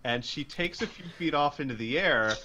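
A man's voice: on the high side, animated, normal speed, lo-fi sound, background noise. A man narrating a tabletop role-playing game as game master.

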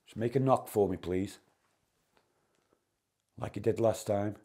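A man's voice: fairly low pitch, a little slow, warm tone, slightly rough. A man investigating a house at night, coaxingly calling out to spirits and asking for knocks. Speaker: paranormal investigator. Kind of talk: calling out during a ghost hunt.

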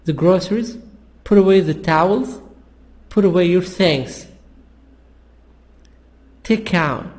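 A man teaching an English lesson in a slow, repetitive, explaining manner. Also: high-pitched, a little mellow. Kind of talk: classroom language lesson.

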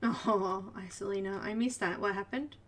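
A woman's voice: mid-range voice, fairly even intonation, moderate pace. An Australian woman hosting a live coloring tutorial, chatting with viewers in the chat and murmuring to herself as she works. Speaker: live art tutorial host. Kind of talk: casual live-stream chat while coloring.

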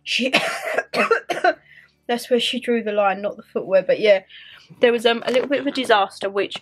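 A woman's voice: fairly high pitch, moderate pace, slight background noise. A young woman with a Northern English accent, chatting casually and giggling at herself in a home vlog. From Northern England. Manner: chatty, giggly, self-mocking. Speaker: vlogger.

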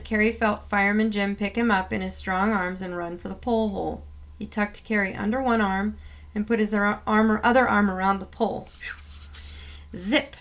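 Expressive woman reading a picture book. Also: mid-range voice. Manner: expressive, acts out sound effects. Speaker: storyteller.

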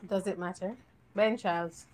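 A woman's voice: mid-range voice, steady tone, moderate pace, darkish tone. A woman with a Jamaican accent hosting a live home cooking show, joking and giggling in casual chat. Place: home kitchen.

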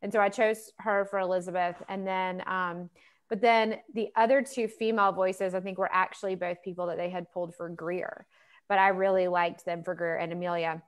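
A woman author, a guest on a casual video-call interview, talks briskly in a lowish, steady voice, chatting loosely with plenty of fillers and laughter.

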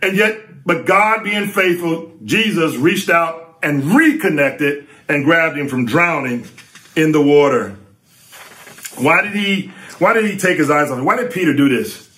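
A middle-aged man preaching a sermon, emphatic and lively, with sudden rises for stress. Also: fairly high pitch, a little slow.

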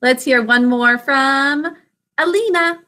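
A woman teaching young children a phonics lesson, patient and encouraging as she sounds out words slowly. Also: high voice, sharp tone.

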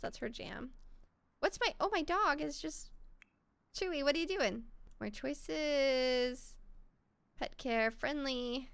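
A high-pitched, bright-toned woman narrates her gameplay in a chatty let's-play style. Her voice swoops up and down with excitement, and she gasps often as things happen on screen. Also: no echo. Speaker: gaming channel host. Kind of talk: casual let's-play commentary.

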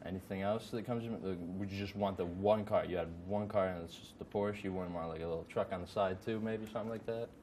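A young man hosting a casual chat show, rambling with many fillers and restarts, getting excited at times. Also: deep voice, fast, few pauses, slight background noise. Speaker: host.

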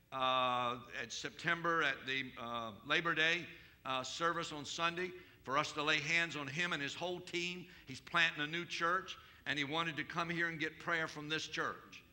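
A male pastor preaching at a church service, his voice pitched high and strikingly bright and cutting. He keeps questioning the congregation and climbs into loud, shouted declarations when he prays. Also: steady tone, moderate pace. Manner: rises to shouted declarations in prayer. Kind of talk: sermon.

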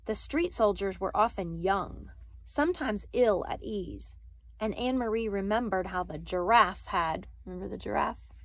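A woman reading a novel aloud, careful and steady, with occasional small slips she corrects. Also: mid-range voice, normal speed, no room sound. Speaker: reader.

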